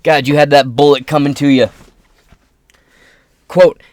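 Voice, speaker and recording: A man's voice: a little high, steady tone, unhurried, long pauses, darkish tone, dry recording, clean studio sound. A man giving a profane, mocking political rant, swearing constantly and sneering at his opponents. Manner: reads quotes aloud, mocks opponents in put-on voices. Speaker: political commentary host. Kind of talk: profane ranting commentary.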